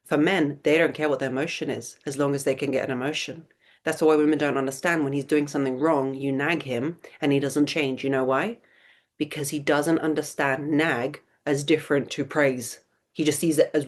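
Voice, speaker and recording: A woman in her thirties hosting a live webinar Q&A, answering viewer questions with blunt, emphatic advice and lots of rhetorical questions. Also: deep voice.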